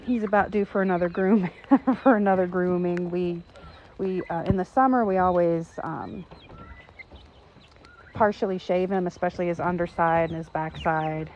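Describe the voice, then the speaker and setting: Speaking at a normal pace in a lowish, slightly mellow voice with fairly even intonation, a woman in her thirties chats for a vlog about the animal rescue she runs. She's outdoors in the rain, using many fillers and cooing at her birds. The lo-fi audio is dull, with slight background noise, faint rain and clucking.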